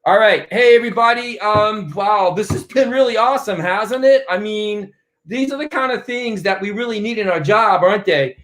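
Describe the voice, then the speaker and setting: Excited guy hosting a tech conference, high voice, rambly, lots of ums. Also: moderate pace. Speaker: conference host. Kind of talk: casual live-stream hosting.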